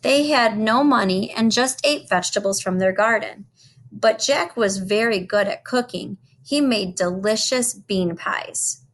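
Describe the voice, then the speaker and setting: A woman teacher reading a storybook aloud to children, slow and expressive. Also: medium pitch.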